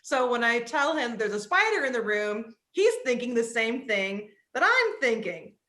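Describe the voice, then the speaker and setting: A woman's voice: fairly high pitch, normal speed, reverberant. A woman who grew up on the East Coast of the United States, an author and psychologist telling a story as an interview guest, with many "like" fillers. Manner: animated, frequent "like" fillers.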